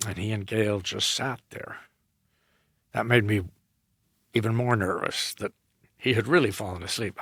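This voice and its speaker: A man's voice: lowish voice, husky, no echo, studio quality. A man, an opera director and tenor, telling a story in a podcast interview and acting out both sides of a remembered conversation. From United States. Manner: animated anecdote, acting out both sides of a dialogue.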